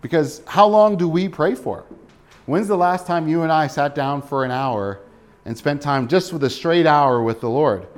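A man's voice: fairly high pitch, moderate pace. A man in his thirties preaching a sermon in a conversational way, asking his listeners questions. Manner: conversational, asks the congregation questions. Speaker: pastor.

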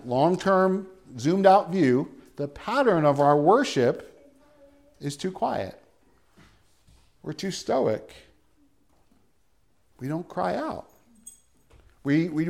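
A man's voice: fairly high pitch, darkish tone. A male pastor preaching a sermon in an earnest way, building to emphatic peaks.

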